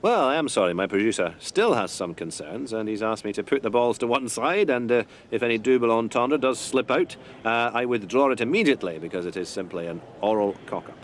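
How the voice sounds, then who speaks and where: Male commentator, prim and flustered, mid pitch. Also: animated, a little fast, few pauses, slight background noise. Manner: stuffy, flustered, apologetic. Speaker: sports commentator. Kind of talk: comic mock sports commentary.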